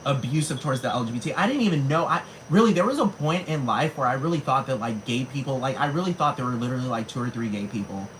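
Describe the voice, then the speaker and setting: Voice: medium pitch, lively intonation, slight background noise, poor audio. Profane ranting vlogger in their thirties. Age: 30s. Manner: rapid, heavy swearing, many fillers.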